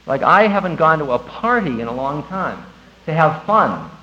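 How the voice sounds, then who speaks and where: A man giving a conversational spiritual talk to an audience, animated and laughing at himself. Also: on the high side, normal speed. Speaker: spiritual teacher. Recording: dull lo-fi recording with faint ambience.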